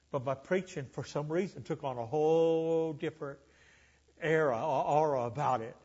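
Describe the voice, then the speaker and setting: An older man from Alabama with a Southern accent, preaching an impassioned sermon that swells loud and high, then sinks low. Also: moderate pace, slightly rough, big-room sound, highs cut off. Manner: impassioned, building to near-shouting then dropping low.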